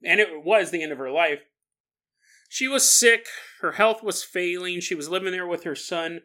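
A man's voice: sits high, animated, moderate pace, pushed and bright. A man hosting a podcast, telling a strange story in a casual, jokey way and laughing often. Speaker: podcast host.

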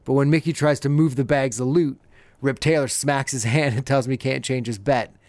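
A man's voice: mid-range voice, fairly even intonation, a little fast, darkish tone. A man hosting a podcast, casually recapping an episode and laughing often as he retells scenes. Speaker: podcast host.

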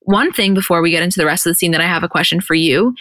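A woman's voice: on the low side, rapid-fire, a bit bright, no echo. A woman co-hosting a podcast, casually recapping TV scenes and acting out the dialogue as she goes. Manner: chatty, retells scenes with quoted dialogue. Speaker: podcast co-host.

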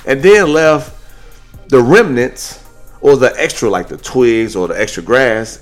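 A man hosting a podcast, telling stories in a casual, animated way, with his voice jumping higher when he jokes. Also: slow, faint music behind. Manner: animated storytelling, jumps high when joking. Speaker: podcast host.

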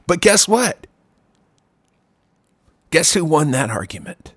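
Man, husky voice, lively swooping pitch, profane animated storyteller, dry close sound. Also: a little slow, pauses often, no echo. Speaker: podcast co-host. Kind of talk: casual chat.

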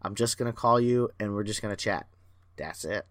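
A man hosting a solo podcast as a performance coach, excitable and rambling, talking in a self-aware way. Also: on the low side, fairly quick, no room sound, studio quality.

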